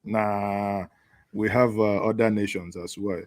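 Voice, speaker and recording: Speaking slowly in a low, darkish voice with little rise and fall, this Nigerian-accented man runs a call-in program that mocks current events sarcastically. The audio is dry, and he's chatting with callers as host.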